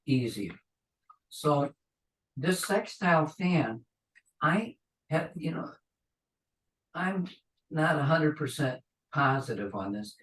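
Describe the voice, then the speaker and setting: A man, an astrologer, giving a conversational webinar lecture that rambles and acts out people's reactions. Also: on the high side. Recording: echoey room, distant from the mic.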